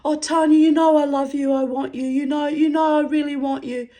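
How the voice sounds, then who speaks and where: A man's voice: very high-pitched, flat delivery, fairly quick, mellow, voice pushed up. A woman voicing a cheeky, anxious man who stammers and wheedles on the phone from a pub. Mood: pleading.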